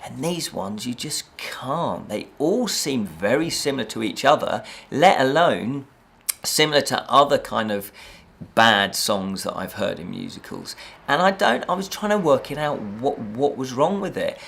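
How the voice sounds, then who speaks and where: A man reviewing a film in a casual chat, animated and exasperated, repeating points for emphasis. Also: medium pitch, unhurried, vocal fry, breathy edge. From United Kingdom.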